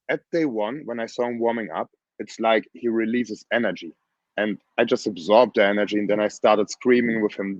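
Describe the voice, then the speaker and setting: Hoarse, blunt grappling coach, low voice. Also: male voice, no room sound, muffled recording. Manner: animated, blunt, plain phrasing. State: hoarse from screaming. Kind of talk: casual interview talk.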